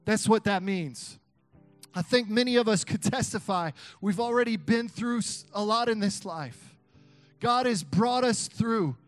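A young man preaching an energetic sermon to a youth crowd, chanting call-and-response lines and laughing between points. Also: high-pitched, unhurried, faint music behind. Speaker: youth pastor.

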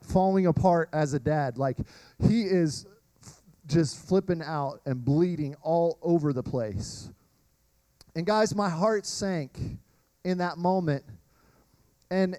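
A man preaches a sermon in a high, bright voice. He tells lively personal stories and talks straight to the congregation. The sound is dry and close, with no room echo. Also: smooth. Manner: animated storytelling, addresses crowd as y'all. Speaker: pastor.

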